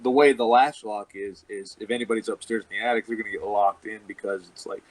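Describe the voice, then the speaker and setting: A man's voice: fairly low pitch, steady tone, fast, no echo, low-quality recording. A man, a wrestler, telling a rambling, profane story in casual chat and laughing often. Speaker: professional wrestler guest.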